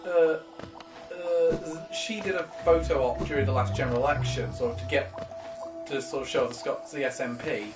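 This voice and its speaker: A man's voice: fairly high pitch, moderate pace. A man from Britain co-hosting a game stream, bantering, swearing and telling anecdotes. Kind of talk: casual gaming chat. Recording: echoey room, far mic, game music.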